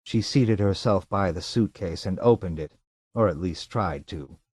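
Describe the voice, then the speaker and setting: A man reading an audiobook as the narrator, with an even, measured delivery into a close mic. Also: sits low, husky, no room sound. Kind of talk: scripted narration.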